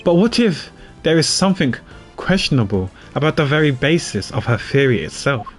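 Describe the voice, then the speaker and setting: A man voicing a composed male prosecutor who speaks in a measured, formal way. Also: on the high side, big pitch swings, soft background music.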